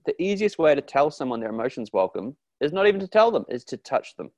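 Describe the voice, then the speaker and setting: A man talking in a casual interview about his therapy work, earnest and animated, acting out quoted voices with frequent restarts. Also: fairly high pitch, fast talker, hardly any pauses, no room sound, dull audio. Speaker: therapist guest.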